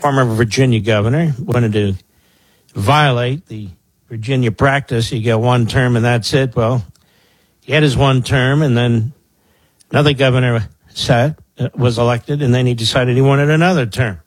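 A husky, slightly breathy man in his sixties hosts a political talk radio show from a dry, close studio mic. He is from the Philadelphia area and delivers sarcastic, mocking commentary, often throwing remarks to his producer. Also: medium pitch, steady tone, moderate pace, dry recording. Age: 60s.

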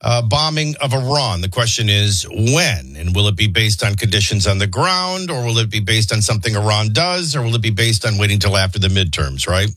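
Brash male morning radio host with a bright, husky voice, dry studio sound. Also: fairly low pitch, sing-song, a little fast, few pauses, no echo. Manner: brash, joking, opinionated. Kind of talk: talk radio banter.

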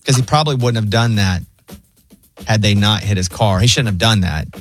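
A man's voice: lowish voice, brisk, fairly bright tone, soft background music. A man hosting a radio talk show, chatting casually and asking earnest questions. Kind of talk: casual radio chat and interview.

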